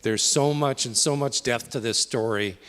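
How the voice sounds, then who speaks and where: A man's voice: medium pitch, moderate pace, a bit bright. A man organizing a town hall, speaking earnestly to the audience and asking them questions. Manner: earnest, asks the crowd questions. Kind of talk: addressing the audience. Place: town hall meeting room. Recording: reverberant hall, faint crowd behind.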